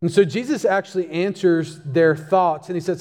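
Man, pastor, sermon, emphatic, repeats phrases for stress, mellow tone, long hall reverb. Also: high voice, moderate pace, hardly any pauses.

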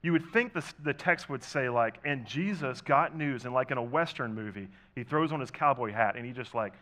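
A man preaches from a church pulpit at a middle pitch, leaning into rhetorical questions. He talks to the congregation like a friend, swinging from loud emphasis to quiet, hushed lines. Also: brisk. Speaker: pastor. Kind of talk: sermon.

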